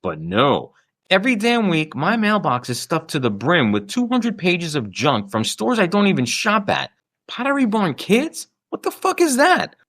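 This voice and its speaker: A man hosts his own podcast in a comedic rant, exasperated and sarcastic. His voice swings wildly from low grumbles to high yelps. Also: huge pitch swings, moderate pace, a bit bright. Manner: exasperated, sarcastic ranting with sudden pitch jumps. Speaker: podcast host.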